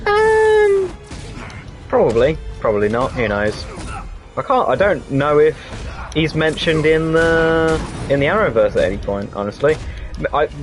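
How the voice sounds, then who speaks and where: A man's voice: on the high side, wildly swooping pitch, a little slow, music in the background. A man co-hosting a gaming stream, chatting casually and explaining the game's mechanics as he plays. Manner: rambling, explains game mechanics. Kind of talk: casual chat while playing a game.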